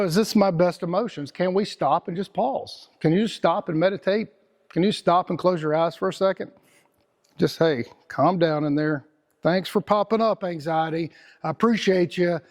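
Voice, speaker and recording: A man's voice: high voice, darkish tone. A middle-aged man with a Texan accent giving a casual, rambling motivational talk as host, repeating words and using slang.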